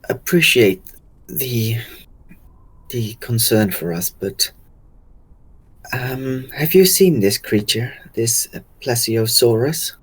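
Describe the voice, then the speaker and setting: A man playing a tabletop game, speaking in character in a polite, measured and diplomatic way. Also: medium pitch, breathy edge, low-quality recording. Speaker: player. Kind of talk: in-character role-play.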